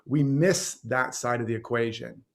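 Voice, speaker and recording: A man's voice: mid-range voice, moderate pace, creaky. A man being interviewed as a guest teacher, talking passionately and rambling through stories and examples. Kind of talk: conversational interview.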